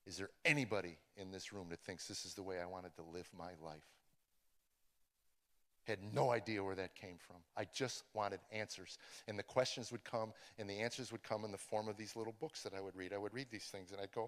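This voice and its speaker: A middle-aged man, a comedian, telling his life testimony, swinging from hushed confession to loud, animated storytelling. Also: on the low side, a little fast. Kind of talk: personal testimony speech. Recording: long hall reverb.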